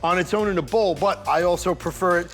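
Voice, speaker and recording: Brief: high-voiced male food presenter, punny showman delivery over faint music. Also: brisk, a bit bright. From New York. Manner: playful, pun-heavy, showman delivery. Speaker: food show host.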